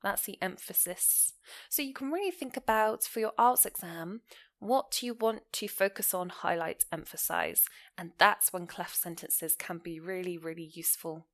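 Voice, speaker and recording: Woman teaching grammar, clear and explanatory. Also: medium pitch, fairly bright tone. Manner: clear, explanatory, asks the listener questions. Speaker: English teacher. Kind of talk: online grammar lesson.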